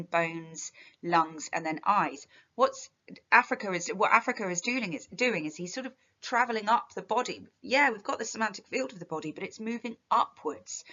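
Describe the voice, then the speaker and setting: A woman English literature teacher walks through a poem line by line in a chatty, explanatory poetry analysis lesson, using fillers and restarts. Her voice is fairly low and a bit bright, and the recording's highs are cut off.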